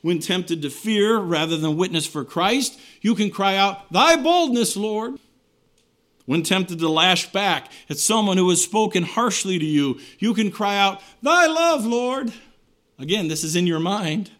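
A man preaching a sermon, earnest, rising to emphatic lines and then dropping low and quiet at the ends of phrases. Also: moderate pace, few pauses. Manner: earnest preaching with wide swings between raised and hushed phrases.

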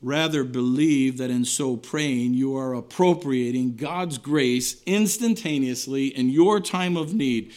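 A man preaching a sermon, earnest, rising to emphatic lines and then dropping low and quiet at the ends of phrases. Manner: earnest preaching with wide swings between raised and hushed phrases.

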